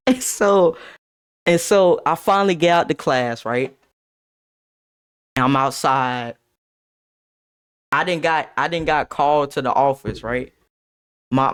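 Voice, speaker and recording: A young man streaming, telling a wild high school story to his chat, laughing and swearing as he goes. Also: measured pace, pauses often, a bit bright, clear, resonant tone. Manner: swearing, laughing, big dramatic voice swings. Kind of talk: animated storytelling to a live chat.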